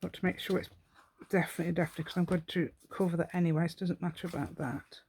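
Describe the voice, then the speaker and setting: A woman's voice: on the low side, steady tone, racing, darkish tone, breathy edge. A woman hosting a step-by-step craft tutorial, chatting to herself and the viewer with rambling, giggly asides. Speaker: craft channel host.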